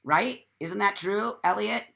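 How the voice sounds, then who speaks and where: A man's voice: high-pitched, unhurried, gravelly, bright, forceful tone. A man hosting a casual live stream, talking bluntly and swearing freely, and reading out viewer comments as he goes. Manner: reads viewer comments aloud.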